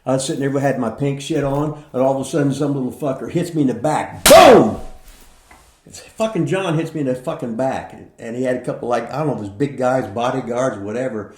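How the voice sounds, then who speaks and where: A man's voice: mid-range voice, fast talker, hardly any pauses, reverberant. Older man rambling through profane stories. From Indiana, United States. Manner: rambling, heavy swearing, animated when telling stories. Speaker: podcast host, retired wrestler. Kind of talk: casual profane storytelling.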